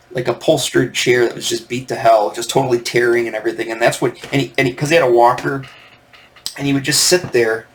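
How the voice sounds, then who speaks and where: A man in his fifties from Michigan hosts a podcast, speaking at medium pitch with vocal fry. His casual, nostalgic monologue rambles and digresses, full of fillers.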